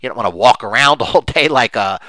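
Animated man mocking quoted views. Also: medium pitch, a little fast, no room sound. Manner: animated, mocks opposing views in quoted voices, many fillers. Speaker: investing commentator. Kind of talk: unscripted spoken commentary.

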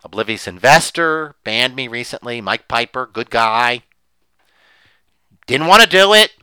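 A man talks on his own in an impassioned, sarcastic monologue, hammering his points and repeating phrases. His voice is bright and a bit high, and it rises and falls a lot. The sound is dry and close. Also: animated, a little slow, clean tone, no echo, low-quality recording. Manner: repetitive, sarcastic, emphatic. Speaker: commentator.

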